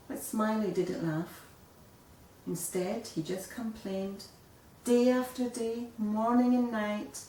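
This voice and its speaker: Lady reading a kids book out loud, slow and expressive, a bit far from the mic. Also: on the high side. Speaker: storybook reader. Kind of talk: children's story reading. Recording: echoey room, voice a bit far off.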